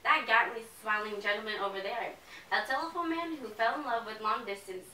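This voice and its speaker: A woman's voice: a little high, fairly quick, bright, forceful tone. A girl playing a gushing Southern belle mother. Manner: gushing, genteel, rambling. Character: faded Southern belle mother, fussy and chatty. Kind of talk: amateur stage play reading. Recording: echoey room, mic from far off, faint hiss.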